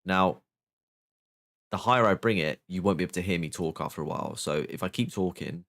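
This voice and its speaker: A man's voice: low-pitched, fairly quick, fairly bright tone, no echo, clean studio sound. A man streaming casually, thinking aloud as he tests a new microphone and explains his settings step by step. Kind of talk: casual mic test chat. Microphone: new microphone, close up.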